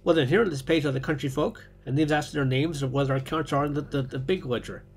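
A man voicing a gruff, loud market goose salesman who blusters and scoffs, in a storybook reading. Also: a little high, fast talker. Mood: scornful. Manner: blustering, scornful.

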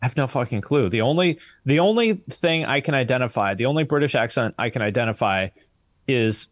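A man's voice: mid-range voice, animated, brisk, no echo, studio quality. A man with an American accent, a podcast guest in casual chat, blunt and swearing freely. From United States.

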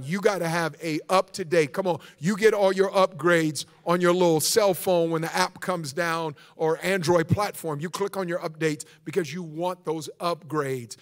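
A man preaching a sermon as guest pastor, telling stories in an animated way and calling on the congregation to respond. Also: high-pitched. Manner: animated storytelling preacher, calls for audience response.

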